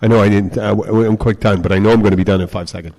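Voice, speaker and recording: A man co-hosting a casual podcast, telling a story in a profane, animated way and acting out the quotes. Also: fairly low pitch, rapid-fire, rough recording. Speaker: podcast co-host.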